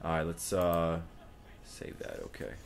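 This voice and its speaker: Brief: young man, low-voiced stream host from Florida, swears freely and gets hyped calling the fight live. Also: unhurried, gravelly, slight background noise. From Florida, USA. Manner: profane, excitable, rambling. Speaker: livestream host. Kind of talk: live fight watch-along commentary.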